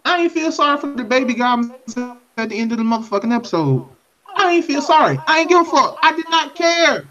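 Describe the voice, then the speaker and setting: A man's voice: very high voice, sing-song, fairly quick, sharp tone, faint music behind. A man co-hosting a casual podcast, talking emphatically with plenty of swearing. He keeps circling back to hammer the same point. The audio is dull and muffled. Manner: emphatic, profane, repeats his points. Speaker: podcast co-host.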